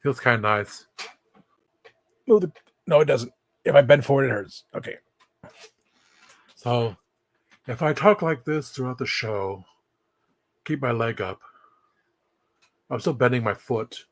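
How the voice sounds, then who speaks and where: A man's voice: medium pitch, lively intonation, unhurried, pauses often, dry recording. A man vlogging from home, rambling and thinking aloud, recorded by a camera set at some distance. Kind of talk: casual vlog monologue.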